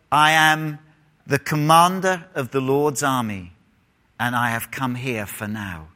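Male preacher, slightly high voice, unhurried, punchy emphasis, questions the congregation. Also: sharp tone. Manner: emphatic preaching with dramatic pauses and rising emphasis. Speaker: pastor. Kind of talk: sermon.

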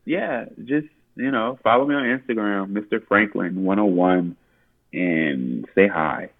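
A male actor talks loosely and playfully as an interview guest, often breaking into laughter. His voice sits low. The sound is dull and lo-fi, like a remote call. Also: measured pace. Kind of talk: casual interview chat.

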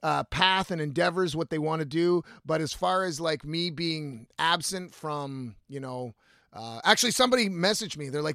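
A man's voice: a little high, moderate pace, pushed and bright, no echo, studio quality. A man hosting his own podcast, talking in a loose, rambling way with lots of swearing and trailing restarts. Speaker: podcast host. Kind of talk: casual solo podcast chat.

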